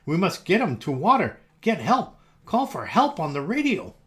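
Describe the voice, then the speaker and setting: A man voicing an eager, panicky young boy in a children's storybook reading, pleading and excited. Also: normal speed, exaggerated voice. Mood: anxious. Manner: excited, pleading, higher-pitched.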